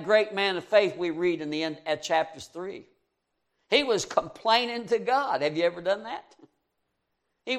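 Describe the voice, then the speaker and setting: High-voiced man preaching with swings of force. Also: a little slow. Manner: earnest, asks the listeners direct questions; swings between loud emphasis and quiet asides. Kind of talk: sermon.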